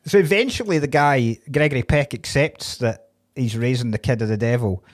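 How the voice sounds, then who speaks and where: A man's voice: medium pitch, moderate pace. A man co-hosting a comedy podcast, casually retelling a film plot with plenty of swearing. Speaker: podcast co-host.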